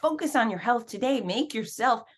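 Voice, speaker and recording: A woman guest on an interview podcast telling her story in a lively, animated way, acting out quoted voices with big jumps in pitch. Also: moderate pace. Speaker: podcast guest, fitness professional and race announcer.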